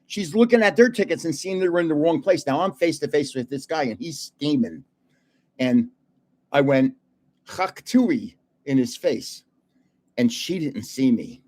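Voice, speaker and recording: Older guy hosting a card stream, lively laughing storyteller, voice kinda high for a guy. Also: moderate pace. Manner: animated, laughing storyteller, chatty with viewers. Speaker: trading card live-stream host. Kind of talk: casual live-stream chat and storytelling.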